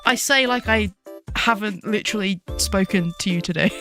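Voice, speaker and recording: Bright, giggly young woman streaming. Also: on the low side, normal speed, faint music behind. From United Kingdom. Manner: rambling, chatty, giggles often, greets chat excitedly. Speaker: VTuber streamer. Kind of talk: casual live-stream chat.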